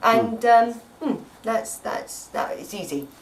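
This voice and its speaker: A woman's voice: fairly high pitch, lively intonation, takes it slowly. Rambling chatty woman, distant mic. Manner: chatty, rambling, repeats words. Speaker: actress interviewed at home. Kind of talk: casual interview chat. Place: at home, indoors.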